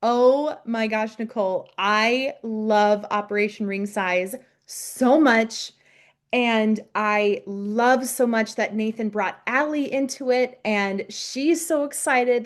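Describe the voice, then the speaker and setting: A woman co-hosting a podcast, chatting casually about a TV episode, gushing, laughing often and acting out characters' lines. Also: a little high. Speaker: podcast co-host. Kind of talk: casual chat recapping a TV episode.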